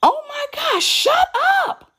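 A woman voicing a volatile, emotional young woman friend who shouts at the top of her lungs in a high, shrill voice. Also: sing-song, fast. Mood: shrill exasperated.

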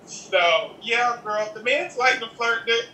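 A man speaking as an interview guest in a casual, sassy, animated chat, calling the listener "girl". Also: very high-pitched, takes it slowly. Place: home in Los Angeles. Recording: echoey room, distant from the mic.

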